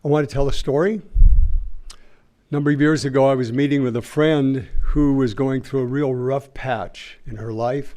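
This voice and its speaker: A man's voice: medium pitch, fairly even intonation, moderate pace, dark tone. A man speaking at a city board meeting's public input, earnestly telling a Bible story and acting out its dialogue at a podium microphone. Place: city council chamber.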